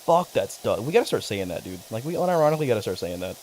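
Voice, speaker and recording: A man's voice: fairly low pitch, rapid-fire, a little hiss or hum. A young man chatting casually on a livestream, rambling, cursing freely and getting worked up as he talks. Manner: rambling, profane, excitable. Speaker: streamer.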